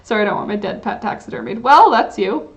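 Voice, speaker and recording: A woman's voice: a little high, animated, fast talker. A young woman hosting a casual livestream, chatting and reading chat comments, rambling with lots of "like" and "um". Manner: rambling, filler-heavy, frequent "like" and "um".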